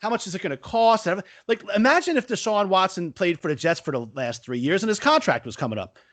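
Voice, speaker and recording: A man co-hosting a casual sports podcast, talking in a lively way full of rhetorical questions. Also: high-pitched, fast, no echo. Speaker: podcast co-host.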